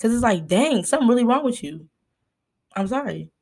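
A young woman hosting a casual solo podcast, ranting in an animated, exasperated way and calling her listeners "y'all" and "honey.". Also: fairly high pitch, a little fast. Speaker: podcast host.

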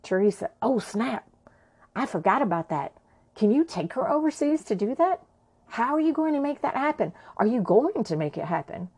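A woman voicing a caring adult woman friend who reacts in a quick, friendly way. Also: a little high, big pitch swings, a little mellow, slightly rough, full character voice. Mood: surprised.

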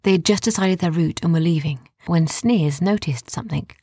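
Low husky woman reading a bedtime story. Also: moderate pace, dry recording, studio quality. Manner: soft, hushed storytelling.

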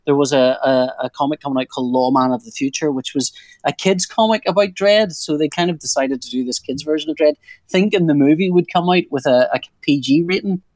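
A man's voice: fairly high pitch, a little fast, darkish tone, dry recording. A man in his forties, a comic artist talking casually in an interview, rambling and restarting his sentences with a joking streak. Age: 40s. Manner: rambling, self-interrupting, jokey.

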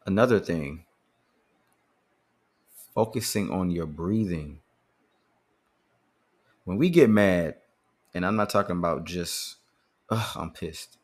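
Speaking slowly with long pauses, a low-pitched man with lively intonation hosts a podcast on managing anger. His motivational talk is casual but earnest, and he tends to repeat words as he thinks.

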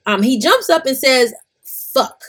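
At a moderate pace, a young podcast host living in Atlanta reads out a listener's story, responding bluntly and cursing freely. Her voice sits at medium pitch with a slight roughness.

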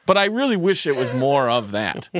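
This podcast co-host has a medium-pitched, fairly bright, sing-song voice and talks at a normal speed. The studio sound is clean and echo-free, and his casual chat meanders with plenty of fillers and restarted sentences.

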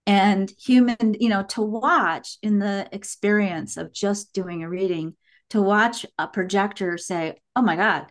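A woman guest on a podcast interview, telling stories in an animated way, laughing and quoting herself. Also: medium pitch, measured pace. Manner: animated storytelling with laughs and quoted asides. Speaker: guest, human design teacher.

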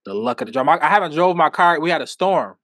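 A man co-hosting a casual chat podcast, telling stories in an animated way and laughing often. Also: on the high side, fast talker, dry recording. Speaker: podcast co-host.

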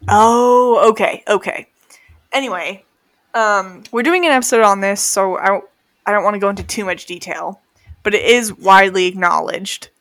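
A woman's voice: mid-range voice, steady tone, normal speed, a bit bright, no echo. A young woman co-hosting a podcast, chatting in a giggly, laid-back way. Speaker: podcast co-host. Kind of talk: casual chat.

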